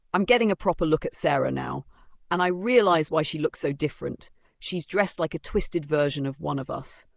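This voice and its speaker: Man, gravelly voice, dry sardonic first-person novel narration, close dry recording. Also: on the high side, no room sound. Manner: dry, sardonic, vivid storytelling. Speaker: audiobook narrator.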